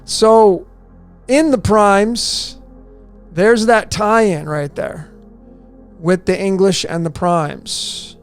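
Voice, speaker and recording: Guy with a high voice hammering on his decode theory, asks and answers his own questions, soft music behind. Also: extremely slow, pauses often, smooth. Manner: emphatic, rhetorical questions, repetitive. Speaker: video presenter. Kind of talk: conspiracy decoding presentation.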